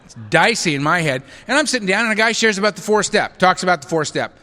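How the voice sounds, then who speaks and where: A middle-aged man speaking at a recovery meeting, telling a story with an animated, self-mocking sense of humor. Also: sits high, quick pace. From United States. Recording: hall reverb, live talk recording.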